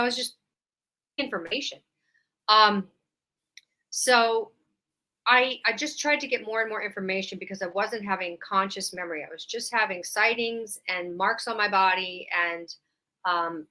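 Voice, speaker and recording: Woman from Louisiana, radio guest, bright tone, rambling delivery full of fillers. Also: mid-range voice. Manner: rambling, with many fillers and restarts. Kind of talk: casual storytelling interview.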